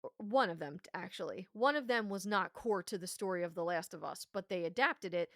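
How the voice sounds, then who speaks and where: A woman's voice: lowish voice, animated, a little fast, a bit bright, dry recording, studio quality. Passionate, swearing woman podcast co-host. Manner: passionate, emphatic, swears freely. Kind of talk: casual review chat.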